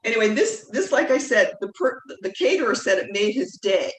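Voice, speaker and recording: A woman with a medium-pitched, sing-song, slightly bright voice speaks briskly while teaching a live online cooking class from her home kitchen. Her delivery is chatty and rambling, full of fillers and self-corrections. A distant video call mic picks her up in an echoey kitchen with faint noise.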